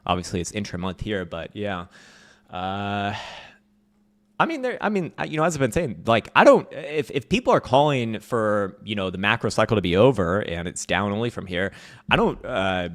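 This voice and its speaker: Low-voiced man riffing on a livestream. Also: very animated, moderate pace, fairly bright tone. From United States. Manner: profane, joking, laughs often. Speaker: host. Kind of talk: casual livestream market commentary, reading chat. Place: at home.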